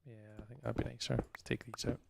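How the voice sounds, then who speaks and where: A man's voice: medium pitch, flat delivery, fast talker, creaky, heavy background noise. A Scottish man streaming a game live, chatting casually with viewers in a rambling way and laughing easily. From Scotland. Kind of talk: casual chat while playing a game live.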